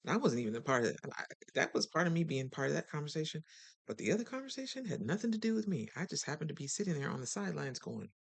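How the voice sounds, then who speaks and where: Animated chatty self-help host. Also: medium pitch, racing, vocal fry, slightly rough. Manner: animated, acts out other people in quotes; chatty and direct, addresses listeners. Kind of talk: casual motivational talk.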